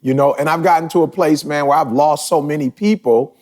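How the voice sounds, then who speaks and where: A man in his forties hosting a podcast, talking casually and emphatically, his voice building toward shouts. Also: on the high side, fairly quick. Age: 40s. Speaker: podcast host.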